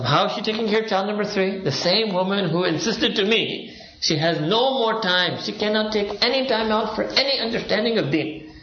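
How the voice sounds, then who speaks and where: A man with a high-pitched, somewhat bright voice delivers a sermon-style lecture as an Islamic speaker. He hammers his points home with rhetorical questions and keeps prompting listeners with "hmm?". The recording is roomy and dull, with a lo-fi quality.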